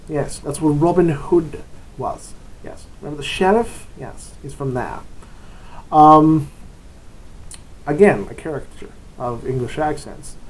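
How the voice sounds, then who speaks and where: A man's voice: a little high, takes it slowly, poor audio. A man who grew up in Germany, hosting a tabletop role-playing vlog and giving casual, rambling advice. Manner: rambling, self-interrupting, chatty. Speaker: tabletop RPG channel host.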